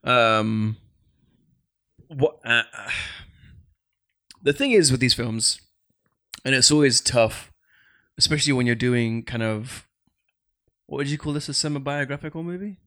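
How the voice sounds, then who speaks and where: Guy cohosting a podcast, really bright sharp voice, lots of ums. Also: mid-range voice, measured pace, long pauses. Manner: laughs easily, hesitant filler-heavy. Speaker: podcast co-host. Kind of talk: casual chat.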